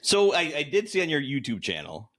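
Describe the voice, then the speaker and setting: A man's voice: on the high side, wildly swooping pitch, fairly quick, pushed and bright. A man co-hosting a podcast, chatting casually and throwing in wry, teasing asides. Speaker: podcast co-host.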